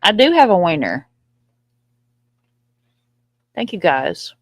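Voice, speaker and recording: A woman's voice: lowish voice, sing-song, slow, long pauses, no echo, studio quality. A woman with a Southern accent hosting a live stream, chatting playfully and swearing casually into a computer mic. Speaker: livestream host. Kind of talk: casual livestream chat.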